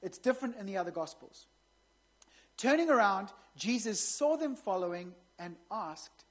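A woman with a husky, slightly breathy voice preaches to her congregation. She talks casually between readings and drops in joking asides. Her pitch sits in the middle range. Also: animated, moderate pace. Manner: conversational, jokey asides to the congregation. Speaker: pastor. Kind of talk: sermon.

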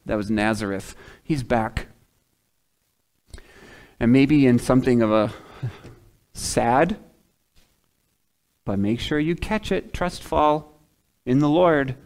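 A man's voice: medium pitch, darkish tone. A man preaching a sermon in a conversational way, asking the congregation questions and acting out the voices of the people in the story. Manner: conversational, dramatizes voices of townspeople. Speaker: pastor.

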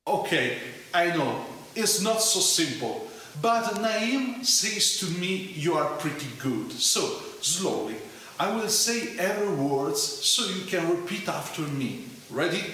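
A man's voice: sits high, very animated, bright, forceful tone. A man from Italy with an Italian accent, a church founder playfully teaching a phrase in a recorded video greeting. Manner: playful, teacherly, slow repetition. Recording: very echoey room with faint hiss.

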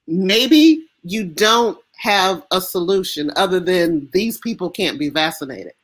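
An American woman speaking as an interview guest, impassioned and emphatic, with halting restarts. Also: fairly low pitch, expressive. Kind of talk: emotional interview conversation.

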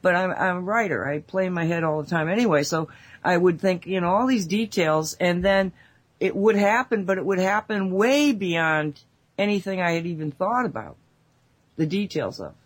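A woman co-hosting a casual spiritual talk show, telling stories in a rambling, animated way with many asides, speaking over an online call mic. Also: fairly low pitch, normal speed. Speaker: radio show co-host.

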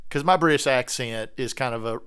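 A man's voice: mid-range voice, a little fast, fairly bright tone, clear, resonant tone. A man co-hosting a podcast in casual chat, joking and rambling with lots of "uh" fillers. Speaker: podcast co-host.

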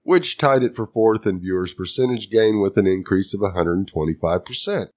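Very deep-voiced man reading ratings. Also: brisk. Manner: steady, brief agreeing replies. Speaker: podcast co-host. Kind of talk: casual chat, reading ratings figures.

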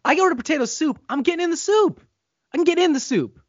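A man's voice: very high-pitched, animated, fast talker, highs cut off, a crowd in the background. A young man co-hosting a casual podcast, arguing bluntly and stubbornly and swearing freely. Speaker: co-host.

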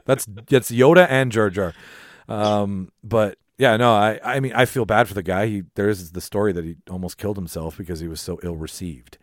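Man, podcast co-host, animated, swears, lowish voice, dry sound. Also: normal speed, dry recording. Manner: animated, swears freely, laughs often. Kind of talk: casual chat.

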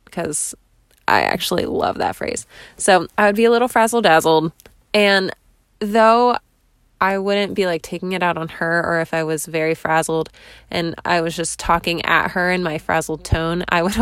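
A woman's voice: lowish voice, lively intonation, normal speed, clear, resonant tone, dry recording, clean studio sound. A woman hosting a casual solo podcast, chatty and rambling with frequent laughs, recorded in her parked car. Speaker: podcast host.

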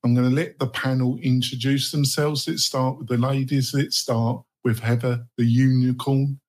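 A man hosting a roundtable podcast, joking and laughing with many halting fillers. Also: mid-range voice, level tone, a little mellow. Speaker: podcast host. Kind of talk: casual roundtable chat.

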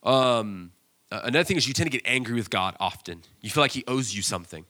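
Bright-voiced, animated male pastor. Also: medium pitch, fairly quick. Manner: animated storytelling, acts out scenes with loud excited bursts. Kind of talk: sermon.

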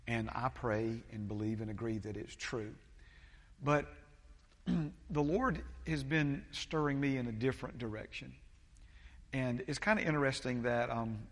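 Pastor preaching in an echoey hall. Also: male voice, medium pitch. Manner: halting, many fillers and restarts. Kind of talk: sermon.

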